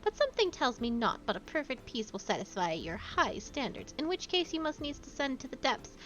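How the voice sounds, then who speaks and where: A woman's voice: sits high, very animated, brisk, fairly bright tone, dull audio. A woman reading a pompous male scholar. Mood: eager. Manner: grandiose, formal reading of game dialogue. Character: pompous young male scholar, self-important and wordy.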